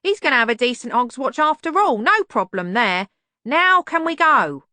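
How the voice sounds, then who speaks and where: A woman voicing a cranky, fretful old male servant who complains in a high squawk. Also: very animated, moderate pace, bright, forceful tone, dry recording, exaggerated voice.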